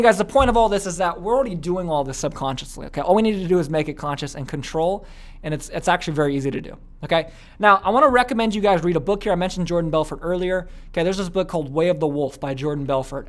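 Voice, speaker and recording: A man teaching an online course in a casual, chatty way, full of fillers and frequent "okay?" asides. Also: a little high. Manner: acts out little quoted scenes.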